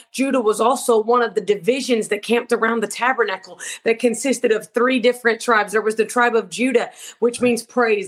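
A woman from Georgia, telling the story of her ministry in an interview with fervent, preacherly storytelling. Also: fairly high pitch. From Georgia, USA. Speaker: ministry co-founder, guest. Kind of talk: interview testimony.

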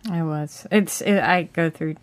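A woman in her thirties co-hosting a podcast, teasing her husband with wry, deadpan remarks in casual chat. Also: low-pitched, a little slow, dry recording. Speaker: podcast co-host.

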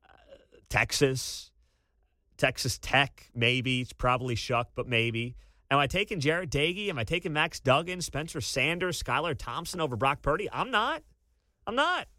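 A man hosting a college sports talk radio show, ranting with incredulous energy and bursts of shouting. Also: medium pitch, no echo, clean studio sound. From Kansas City area. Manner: animated, incredulous rants with sudden shouting.

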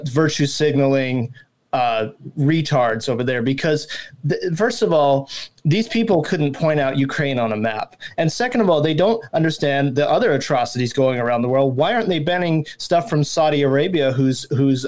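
A man's voice: mid-range voice, animated, normal speed, darkish tone. A man who is a guest on a podcast, speaking from Hawaii, voicing blunt, crude anger. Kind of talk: casual podcast chat.

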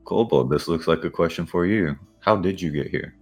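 A man playing a tabletop game, speaking plainly and flatly in character. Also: deep voice, fairly quick, faint music behind. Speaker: player. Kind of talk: tabletop role-play.

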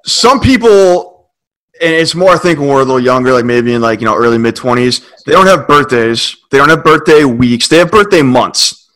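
A man telling a long, animated story in a casual podcast chat, leaning heavily on filler words. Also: medium pitch, moderate pace, rough recording.

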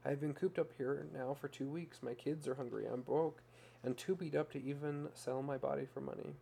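A man's voice: mid-range voice, steady tone, fairly quick, vocal fry, mellow, a little hiss or hum, natural voice. A man voicing a desperate young mother who pours out a raw, plain-spoken confession in a story reading. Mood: despairing.

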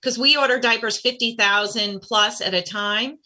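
A woman who runs a small nonprofit, answering interview questions in an earnest, measured way. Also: a little high, pushed and bright. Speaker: nonprofit founder. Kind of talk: interview guest.

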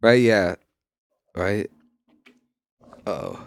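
A man's voice: low-pitched, huge pitch swings, drawn-out words, creaky, dry recording. A man co-hosting a casual podcast chat, mostly giving short reactions. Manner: brief reactive interjections. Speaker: podcast co-host.

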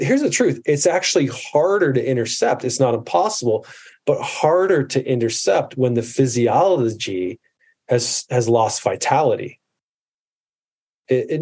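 Podcast guest, man in his thirties; warm, dark tone, earnest and reflective delivery. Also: mid-range voice, slightly rough. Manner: earnest, reflective, restarts often. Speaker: podcast guest, medical provider. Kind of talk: casual conversation.

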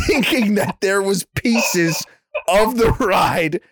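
A man's voice: sits high, very slow, no echo. A man co-hosting a casual podcast, telling a story with lots of swearing and laughter. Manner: profane, laughing, animated storyteller. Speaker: podcast co-host.

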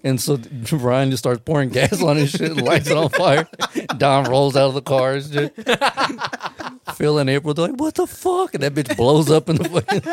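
A man's voice: fairly high pitch, lively intonation, moderate pace. A man telling stories in casual podcast chat, swearing freely and laughing as he talks.

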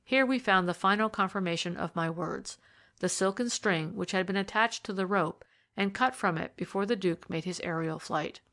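A woman narrating a period detective story in a steady, measured reading style. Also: mid-range voice. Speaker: audiobook reader. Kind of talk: scripted narration.

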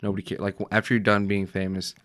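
A man co-hosting a podcast in casual banter, teasing his partner deadpan and swearing. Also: fairly low pitch, fast talker. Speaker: podcast co-host.

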